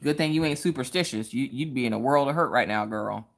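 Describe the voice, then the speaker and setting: A woman's voice: rumbling low, fast talker, gravelly. A woman who is a mother, chatting casually on a live stream while crafting, reading viewer messages aloud and answering with stories.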